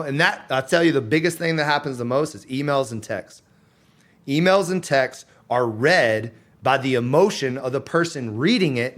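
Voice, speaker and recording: A man in his thirties talks casually as a podcast guest, his voice sitting at an ordinary middle pitch. He gets animated, jumps into quoted voices and laughs along the way. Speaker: podcast guest, fitness entrepreneur.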